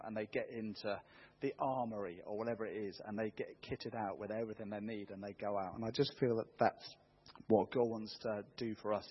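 This middle-aged man's husky voice, fairly low in pitch, rises in force as he quotes scripture during a church sermon. His delivery is earnest and rousing, captured in a dull, muffled recording.

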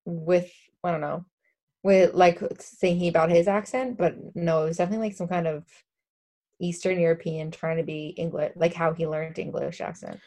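A woman's voice: fairly low pitch, steady tone, moderate pace, warm tone. Woman from the US South, casual film chat, rambling, filler-heavy. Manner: chatty, rambling, many fillers.

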